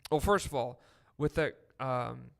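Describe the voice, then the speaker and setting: Slow, gravelly male co-host for a rambling casual sports chat. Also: medium pitch, fairly bright tone. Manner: slow, rambling, with fillers and laughs. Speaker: podcast co-host.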